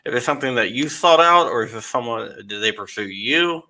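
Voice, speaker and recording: A man hosting an interview, asking halting questions with restarts. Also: medium pitch, animated, pushed and bright. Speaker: podcast host.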